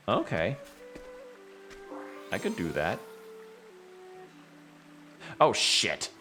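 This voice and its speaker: A man's voice: on the low side, expressive, normal speed, fairly bright tone. A young man streaming a video game, musing aloud in casual commentary and sometimes reading game text in a dramatic voice. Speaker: gaming streamer. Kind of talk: casual let's-play commentary. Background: game music.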